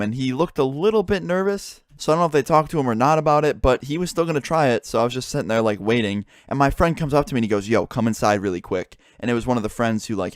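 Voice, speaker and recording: Fast-talking young man telling a story. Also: medium pitch, no room sound, studio quality. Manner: swearing, animated retelling with quoted dialogue. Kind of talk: casual storytelling.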